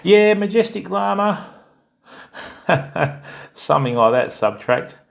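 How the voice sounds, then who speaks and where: Australian man, gravelly voice, slightly high, casual stream host. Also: lively intonation, slow. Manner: friendly, greets viewers by name, calls people mate and bud. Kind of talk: casual live-stream chat.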